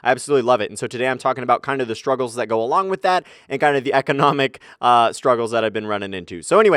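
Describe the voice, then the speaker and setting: 19 yr old guy rambling fast over a game, clean smooth voice, lots of cussing. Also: mid-range voice, no echo, clean studio sound. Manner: energetic, swears a lot, keeps saying "man". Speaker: gaming commentary YouTuber. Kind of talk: casual commentary over gameplay. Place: small bedroom in his apartment, under a comforter. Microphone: desk mic, comforter draped over it to cut echo.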